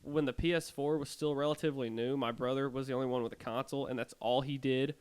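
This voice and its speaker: A man's voice: medium pitch, fast talker, smooth. Joking young man telling spooky stories. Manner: animated storyteller with sarcastic jokes. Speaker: podcast co-host. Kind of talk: casual chat, telling ghost stories.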